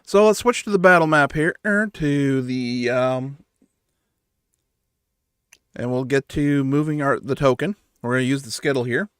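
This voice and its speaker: A man's voice: mid-range voice, a little slow, fairly bright tone, clean tone, dry recording. Easygoing male game master, dry sound. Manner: easygoing, with restarts while describing. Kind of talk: narrating a tabletop game.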